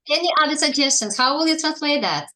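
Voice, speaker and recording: A woman's voice: high voice, sharp tone. Woman teaching English on a video call. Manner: explaining patiently, asking students questions. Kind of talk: online language lesson.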